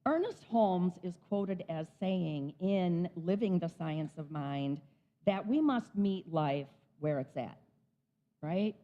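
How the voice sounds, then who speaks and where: A woman's voice: lowish voice, slow pace, lo-fi sound. A woman guest speaker giving an upbeat, enthusiastic inspirational talk at a spiritual center. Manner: bubbly, enthusiastic.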